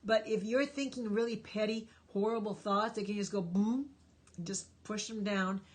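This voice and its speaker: A woman's voice: medium pitch, steady tone, moderate pace. A woman hosting a live stream Q&A, answering viewers' questions with emphatic, encouraging life advice. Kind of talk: live stream Q&A, reading chat.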